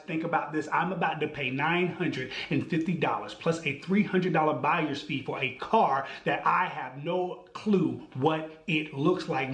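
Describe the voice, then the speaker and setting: A man hosting a podcast, telling a comic story in an animated way with slang and voiced asides. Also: fairly high pitch, echoey room. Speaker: podcast host. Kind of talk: storytelling monologue.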